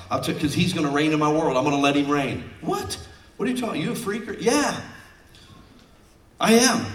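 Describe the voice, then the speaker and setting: Animated pastor preaching in a roomy church. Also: male voice, on the high side, recorded from a distance. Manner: animated, jokey and exhorting, with sudden loud outbursts. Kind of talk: sermon. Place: church hall. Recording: roomy sound from off-mic.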